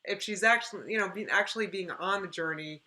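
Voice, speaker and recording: A woman's voice: mid-range voice, fairly quick, sharp tone. A woman commenting casually on a video during a live stream, chatty and supportive. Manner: chatty, supportive, apologetic asides.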